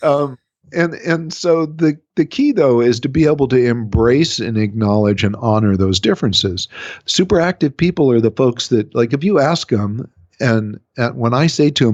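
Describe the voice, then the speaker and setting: Animated man coaching on the radio, dry sound. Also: medium pitch, dry recording. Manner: animated, speeds up and slows down to make a point. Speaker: relationship coach, radio guest. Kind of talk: casual explanatory interview talk. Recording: dry, slightly dull radio recording.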